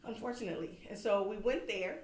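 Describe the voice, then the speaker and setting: Brisk and medium-pitched, she speaks as a guest on a podcast, telling a moving personal story with candor. She animatedly acts out other people's lines, and the recording has an echoey room quality.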